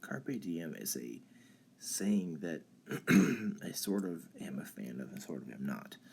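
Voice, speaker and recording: A young man hosting a live stream, talking through ideas in a halting way with many ums and restarts. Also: extremely low pitch, very animated, vocal fry, slight background noise. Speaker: channel host. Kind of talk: casual philosophy talk on a live stream.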